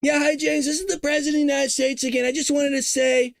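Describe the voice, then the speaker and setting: A man's voice: extremely high pitch, little pitch movement, fast talker, pitched above the performer's own voice. A man doing an impression of a blunt, brash president making a curt phone call. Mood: mocking. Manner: gruff, mocking, curt.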